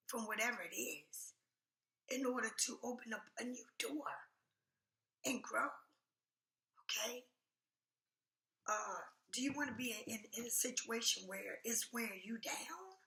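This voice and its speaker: A woman with a fairly high, gravelly voice gives a casual tarot reading. She is blunt and emphatic and keeps asking if you understand. Her voice rings in an echoey room. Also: unhurried, pauses often, bright, forceful tone. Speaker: tarot reader.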